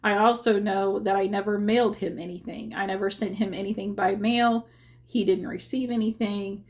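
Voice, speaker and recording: A woman's voice: mid-range voice, fairly even intonation, moderate pace. A woman talking casually to her viewers, rambling with many fillers and self-corrections, upset and defensive, close to tears at times. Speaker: vlogger.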